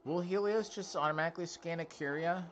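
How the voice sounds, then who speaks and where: A man's voice: on the high side, fast talker, muffled recording. A man chatting casually while streaming a video game, rambling and answering viewers' questions. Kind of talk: casual gameplay chat.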